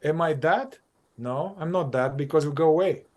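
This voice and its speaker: Slightly high-voiced man explaining his therapy work. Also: normal speed. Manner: animated, acts out exchanges with clients; repeats and restarts phrases while thinking aloud. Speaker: psychotherapist. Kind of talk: conversational dialogue on spiritual practice.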